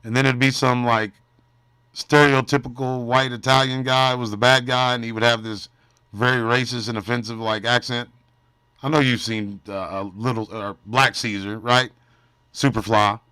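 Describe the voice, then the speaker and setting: A man's voice: mid-range voice, level tone, moderate pace, sharp tone, clean tone, no room sound. A man hosting a casual livestream, joking and teasing his chat, often trailing off into mumbles. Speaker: livestream host.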